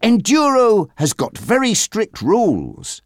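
In a storybook reading, a narrator performs a full character voice for a charming young motocross rider, pitched above the performer's own voice. The medium-pitched delivery swoops wildly, moves slowly, and is recorded studio quality with no echo.

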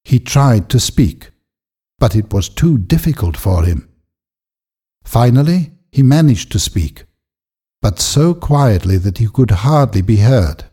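A man narrates a storybook in a measured, expressive reading. His voice is slow, mellow and slightly husky. The pitch rolls up and down in lively arcs.

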